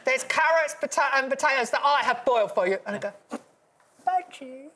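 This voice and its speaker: A woman's voice: sits high, fast talker, heavy background noise. A woman on a daytime TV panel, playful and giggly. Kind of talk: live daytime panel chat.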